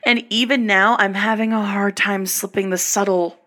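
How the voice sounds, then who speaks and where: A woman with a light Southern drawl co-hosts a casual podcast chat, blunt and quick to swear. Her voice is bright and sharp. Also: medium pitch, steady tone. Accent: subtle Southern US drawl. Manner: blunt, profane banter.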